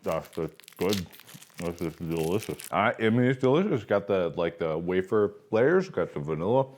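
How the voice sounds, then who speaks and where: A man in his thirties hosts a laid-back snack review, joking, rambling, and sometimes talking with his mouth full. His deep, slightly mellow voice is animated and moves at a normal pace.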